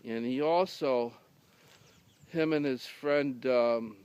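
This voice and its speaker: A man's voice: mid-range voice, takes it slowly, a little mellow, clear, resonant tone. A man telling a rambling humorous story in a dry, casual way, with many fillers and restarts. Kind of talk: casual deadpan anecdote telling.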